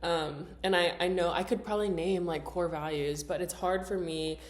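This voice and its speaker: A young woman with a low voice talks through her thoughts in a casual, rambling personal vlog. She often stops to restart a sentence and sometimes reads out questions from her journal. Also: fairly even intonation, moderate pace. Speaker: vlogger.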